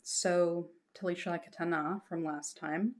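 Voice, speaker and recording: A woman's voice: lowish voice, steady tone, a little slow. A woman teaching a lesson patiently, explaining step by step and reassuring her students, breaking into short chanted examples.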